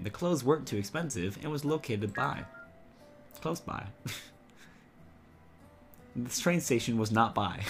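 A man reading a visual novel aloud with friends, narrating the scenes in a playful, laughing way. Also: medium pitch.

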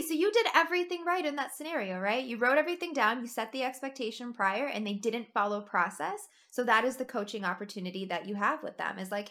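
Bright, forceful woman manager; blunt, profane casual talk. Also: on the high side, fast, hardly any pauses. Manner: blunt, swears freely, animated. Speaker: new manager. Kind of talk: casual chat.

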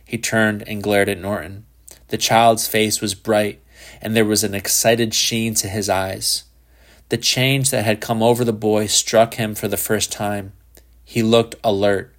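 A man narrating a literary short story in a measured, unhurried reading. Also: lowish voice, level tone, fairly bright tone.

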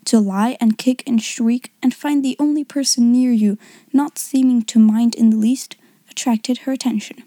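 A woman reading a classic novel aloud as an audiobook narrator, in an even, measured manner. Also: on the high side, no room sound. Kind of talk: scripted narration.

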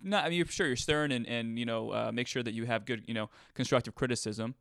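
A man's voice: medium pitch, fast talker, gravelly, fairly bright tone, dry recording, studio quality. A man hosting a casual interview, reflecting back on his guest's story in an affirming way. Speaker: interview host.

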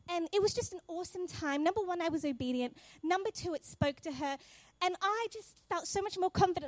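A woman telling a faith testimony in a lively way, acting out the dialogue and often laughing. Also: very high voice, a little fast, slight background noise. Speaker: speaker sharing a testimony. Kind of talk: animated personal testimony.

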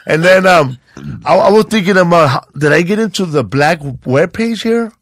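A man's voice: high voice, lively intonation, moderate pace, dry recording, studio quality. A man hosting a podcast, rambling in crude banter and saying bro a lot. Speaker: podcast host.

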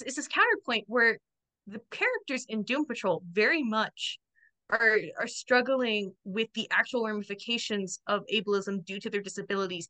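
A young woman co-hosting a podcast in casual chat, talkative and quick to laugh. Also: medium pitch, bright, forceful tone. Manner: chatty, laughs often, quotes friends in quick asides. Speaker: podcast co-host.

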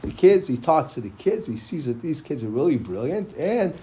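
A man's voice: a little high, big pitch swings, moderate pace, dark tone, a little hiss or hum. A man giving a Torah class, casually retelling religious stories and mixing in Hebrew terms as he goes. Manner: loose storytelling with Hebrew terms and restarts. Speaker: Torah teacher.

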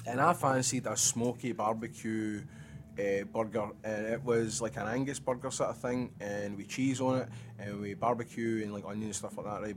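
Scottish guy rambling thru a story, swearing and laughing a lot, bit of rumble in the back. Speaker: podcast co-host. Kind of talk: casual chat.

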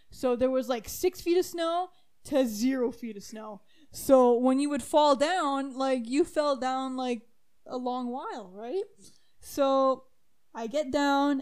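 A young woman telling a funny story in casual chat, animated and laughing, with lots of "like"s and squealing highs. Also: clean tone. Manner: animated, laughing, squeals when excited, many "like"s. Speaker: storyteller co-host.

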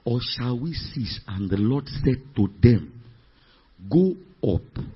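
Raspy, husky preacher, lively pitch. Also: male voice, takes it slowly. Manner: swings from low murmurs to shouted climaxes; emphatic, repetitive preaching with rhetorical questions. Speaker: pastor. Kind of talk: sermon. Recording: dull lo-fi recording.

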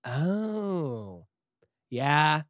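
A young man in easy conversation, his voice swinging up and down as he tells a story. He laughs often and slips into quick impressions of the people in it. The sound is dry and close. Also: fairly high pitch, no room sound. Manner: animated storytelling with laughs and acted quotes. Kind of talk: casual chat.

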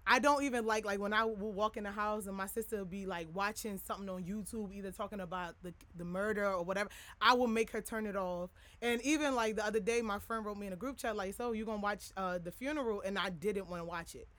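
A young woman hosts her podcast in a loose, rambling way, leaning on filler words as she speaks candidly to listeners. Her voice is bright and forward, at a middle pitch, and it sounds dry and close with no room around it. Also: steady tone, fast talker, dry recording. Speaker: podcast host. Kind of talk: candid personal talk to listeners.

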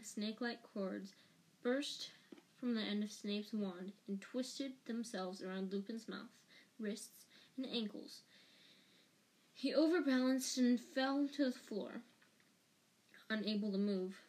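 Slow-reading woman narrating a novel. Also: a little high, darkish tone. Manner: slow, careful, with small restarts. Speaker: audiobook reader.

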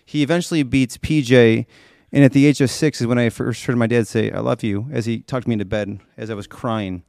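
A man's voice: mid-range voice, fairly even intonation, a little fast, gravelly, a little mellow, no echo, clean studio sound. A man telling a family story in playful casual chat on a podcast.

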